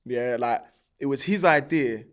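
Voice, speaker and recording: A man's voice: mid-range voice, measured pace. A man, a podcast guest telling his story in loose, slangy talk and acting out the dialogue he quotes. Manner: animated, acts out quoted dialogue with a raised voice; loose, filler-heavy street slang.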